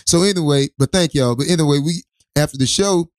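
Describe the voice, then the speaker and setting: Man, casual rambling storyteller, raised pitch, dry close mic. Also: a little fast, no echo. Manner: loose, profane, rambling storyteller with many restarts. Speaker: co-host.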